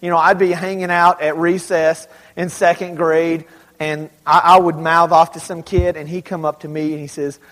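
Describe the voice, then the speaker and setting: A man from Dallas speaking to a young audience, telling animated, self-mocking stories in a large hall. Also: fairly high pitch, moderate pace. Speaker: youth speaker. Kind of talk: storytelling talk to kids. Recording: long hall reverb.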